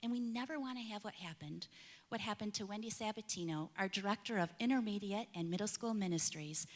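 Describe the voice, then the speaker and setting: A woman's voice: mid-range voice, brisk. Earnest woman speaking in a church hall. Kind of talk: speech at a congregational meeting. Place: large church sanctuary. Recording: echoey hall, long reverb.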